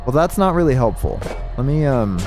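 A man streaming a puzzle game live, talking through it in an excitable, joking way and thinking aloud. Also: mid-range voice, fairly quick, over music. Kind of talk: live gameplay commentary.

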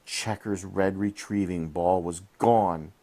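A man reading a bedtime story to his child while in bed, gently asking questions along the way, recorded on a head-mounted camera. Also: sits low, fairly even intonation, takes it slowly. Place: in bed at home.

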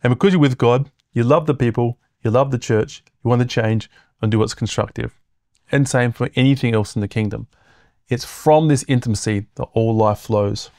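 A man's voice: medium pitch, moderate pace, a little mellow, dry recording, clean studio sound. A man preaching a sermon in a conversational teaching manner, reading scripture aloud, chuckling between points and often checking in with "okay?".

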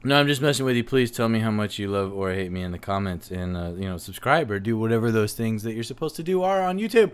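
Slightly drunk, this male host cracks crude, teasing jokes as he plays through a video game. He talks briskly with few pauses, his medium-pitched voice swinging widely in pitch, over a faint hiss or hum.

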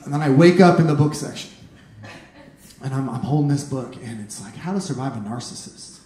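A man performing a stand-up comedy set on a club stage, telling animated stories and shouting punchlines. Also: medium pitch, brisk. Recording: echoey room, noisy club.

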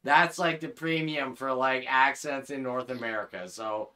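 A man's voice: medium pitch, normal speed, pushed and bright. A man streaming a game, joking with friends in profane, boisterous banter. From Canada. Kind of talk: casual gaming chat.

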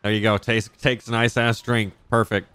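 A man's voice: fairly low pitch, flat delivery, fairly bright tone, clear, resonant tone, dry recording. A young man chatting casually and swearing freely while playing through a crime roleplay game. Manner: loose, swearing, quick reactions. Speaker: roleplay streamer. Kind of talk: casual in-character game chat.

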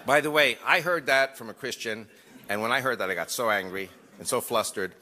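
A man's voice: mid-range voice, brisk, sharp tone, a faint crowd. A man giving an emphatic lecture to a live audience, mixing wry jokes into his points.

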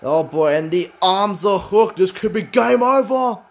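A man giving excited play-by-play commentary on a wrestling match, swinging from calm description to shouting. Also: sits high, a little slow.

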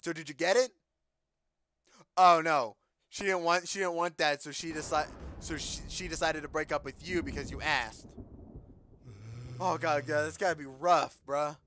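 Bright-voiced joking gamer man. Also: steady tone, moderate pace, pauses often. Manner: joking, talks to game characters, loud outbursts; reads on-screen text in a low mutter. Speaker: let's play gamer. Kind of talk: casual gameplay commentary.

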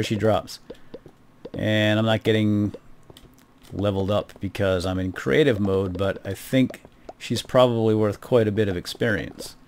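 A middle-aged man giving casual, wry gameplay commentary, chatting to viewers as he plays. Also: on the low side. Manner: chatty, wry, talks to viewers while playing. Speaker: gaming video host.

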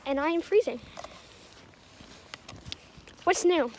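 A young female vlogger talks to the camera while walking down a cold street, her voice high and her delivery slow. She drifts into dry, self-mocking sarcasm. Clear outdoor noise runs behind her. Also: expressive, a little mellow, rough recording. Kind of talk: casual vlog chat.

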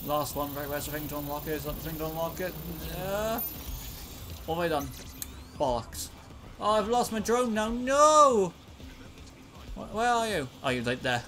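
A man's voice: on the high side, normal speed, fairly bright tone, a little hiss or hum. A man giving joking, exclamatory commentary while playing a video game. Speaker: let's play gamer. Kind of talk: casual gameplay commentary.

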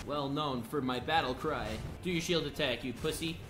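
A man's voice: fairly high pitch, normal speed. A young man commenting on his own gameplay, taunting the boss and venting to his chat between frustrated outbursts. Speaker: gaming video creator.

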